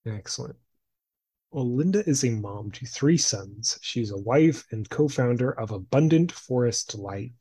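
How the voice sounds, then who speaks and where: A man's voice: medium pitch, animated, mellow, breathy edge, no room sound. Upbeat young male podcast host. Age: 20s. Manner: upbeat, chatty, quick to laugh. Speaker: podcast host and life coach. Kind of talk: podcast interview.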